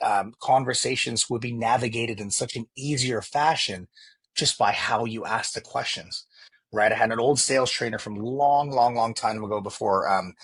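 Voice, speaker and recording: This podcast guest, a real estate agent, has a husky, mid-range voice that's a bit bright. In a casual interview, the man speaks earnestly, frequently repeating words and starting sentences over.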